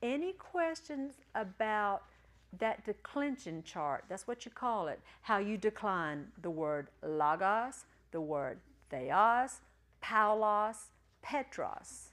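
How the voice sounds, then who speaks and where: A woman's voice: medium pitch, expressive, takes it slowly, fairly bright tone. A woman teaching a Greek class in a classroom, chatty and encouraging, joking with her students. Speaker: Greek teacher at a ministry school. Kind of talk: classroom lecture.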